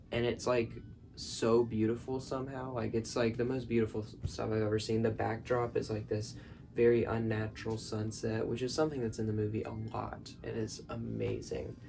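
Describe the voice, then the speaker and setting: A man's voice: medium pitch, gravelly, darkish tone. A man in his bedroom rambling through a film recap, full of "like" and "um". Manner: rambling, filler-heavy, lots of "like". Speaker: vlogger. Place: bedroom at night.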